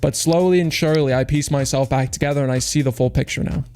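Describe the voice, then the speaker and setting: A man's voice: mid-range voice, steady tone, darkish tone, a little hiss or hum. A young man streamer rambling through a profane motivational monologue, intense and preachy. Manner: intense, rapid, profane, self-help preaching with mocking put-on quotes. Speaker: streamer opening cases. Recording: music playing underneath.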